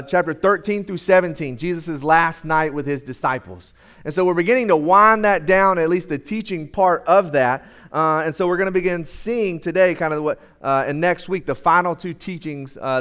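A young man preaching to a church congregation, his voice pitched noticeably high. He talks loosely and conversationally, with plenty of "uh"s between thoughts. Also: fairly bright tone, smooth. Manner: casual conversational preaching with many fillers. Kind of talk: sermon. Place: church sanctuary.

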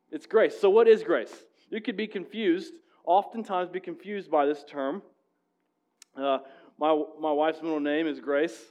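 Man preaching a sermon, conversational. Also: fairly high pitch. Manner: conversational storytelling with many restarts and fillers; drops to a hushed voice when telling the story. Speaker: pastor.

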